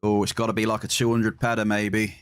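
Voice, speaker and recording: A man's voice: lowish voice, flat delivery, fairly quick, clear, resonant tone, no echo, clean studio sound. A man with an English accent chatting casually with his live-stream viewers, reading their messages aloud and cheering at big hits. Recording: game music behind.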